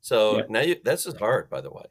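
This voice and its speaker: A man's voice: on the low side, huge pitch swings, quick pace. A man talking as a guest expert on a sales podcast. He explains things emphatically and acts out phone calls in different voices.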